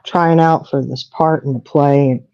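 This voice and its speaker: A middle-aged woman, chatting on a livestream and telling stories with animated quoting. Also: deep voice, moderate pace, no echo. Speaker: co-host. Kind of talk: casual chat on a livestream. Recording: dull lo-fi audio.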